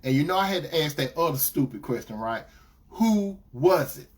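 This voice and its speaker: A man preaching to his listeners, telling a personal story with animated re-enacted dialogue and direct asides to them. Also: medium pitch, fast. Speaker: preacher and host of a talk stream. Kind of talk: dramatic personal storytelling to a congregation.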